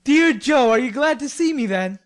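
A woman's voice: high voice, animated, normal speed, pitched above the performer's own voice. A woman voicing a playful, mischievous young man in an audiobook reading, speaking in a teasing, cheerful way. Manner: teasing, cheerful, mock-penitent.

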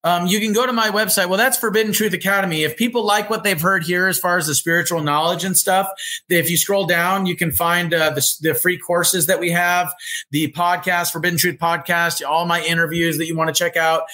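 A man's voice: high voice, fairly even intonation, brisk, bright, forceful tone. A man as a guest on a casual podcast interview, talking in an earnest way about spiritual ideas.

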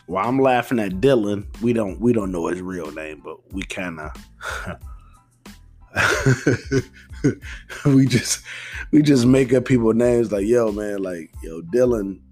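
Young male host, lowish voice, loose slangy storytelling, soft music underneath. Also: breathy edge. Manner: rambling, profane, slangy, laid-back. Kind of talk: casual storytelling monologue.

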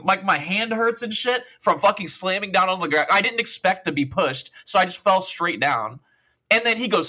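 A man's voice: sits high, moderate pace, slightly rough. A young man in his twenties co-hosting a podcast, telling a long, profane story casually with lots of quoted dialogue. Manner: rambling, profane, animated retelling with quoted dialogue. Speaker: podcast co-host.

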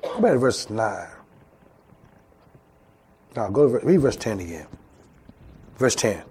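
A man's voice: fairly low pitch, very animated, a little slow, darkish tone, slight background noise. A man preaching a sermon as pastor, calling out to the congregation and acting out voices. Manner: call-and-response preaching, acts out voices. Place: church.

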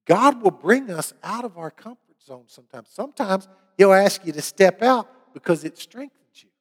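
Earnest preacher in a big hall. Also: male voice, high voice, expressive, normal speed, breathy edge. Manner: earnest storytelling, rising to emphatic preaching. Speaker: pastor. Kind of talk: sermon with a personal testimony.

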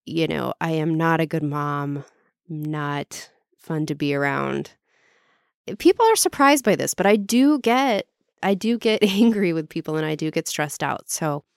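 Mom hosting her own podcast, rambly and self-mocking, lowish smooth voice, dry close sound. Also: no echo. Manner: chatty, self-deprecating, quick to laugh at herself. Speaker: podcast host. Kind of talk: casual monologue.

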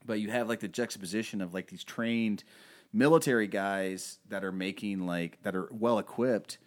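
This podcast host, a man with a lowish voice, talks at a normal speed as he chats casually about a film. He rambles, uses lots of fillers, and acts out quotes from the movie.

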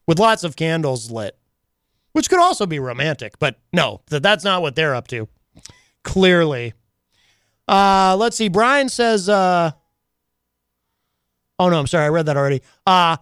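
Male radio host, playful and teasing, animated. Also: a little high, smooth, dry recording, studio quality. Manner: playful, mock-dramatic, teasing. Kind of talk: casual radio chat. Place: radio studio.

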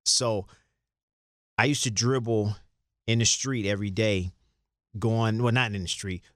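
Middle-aged man, low voice, dry close mic, relaxed rambling guest storyteller. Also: a little slow, no echo. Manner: loose, rambling, repeats words, laughs while telling stories. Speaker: interview guest, former basketball player. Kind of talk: casual storytelling interview.

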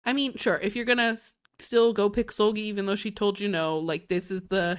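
A woman's voice: medium pitch, fairly even intonation, fairly quick, few pauses. A young woman co-hosting a podcast, chatting easily about a TV show in an easygoing, agreeable way. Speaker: podcast co-host. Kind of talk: casual recap chat.

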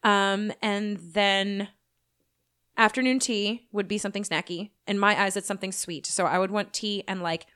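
A woman's voice: mid-range voice, steady tone, moderate pace, a bit bright, clear, resonant tone. Chatty woman podcast co-host. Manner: enthusiastic, rambling with many fillers. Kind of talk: casual chat.

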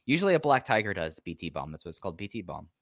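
Deep-voiced, enthusiastic co-host man. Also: sing-song, rapid-fire, dry recording, clean studio sound. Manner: enthusiastic, rambling, lots of "like". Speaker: podcast co-host. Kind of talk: casual chat.

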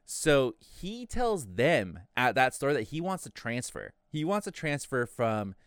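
A man's voice: mid-range voice, a little slow, clear, resonant tone, no echo, studio quality. A young man telling a work story in casual chat, swearing freely and acting out what others said. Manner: animated, profane, acts out quotes.

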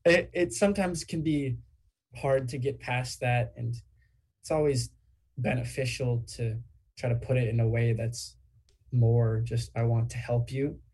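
Husky, mellow-voiced young man musing. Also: mid-range voice, steady tone, a little slow. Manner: reflective, rambling, lots of "like". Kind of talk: casual podcast chat.

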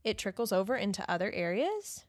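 A woman's voice: mid-range voice, big pitch swings, fairly quick, dry recording, studio quality. A woman co-hosting a faith podcast in casual conversation, backing her husband with frequent murmurs and jumping in with her own points. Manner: chatty, frequent affirming murmurs. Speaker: podcast co-host.

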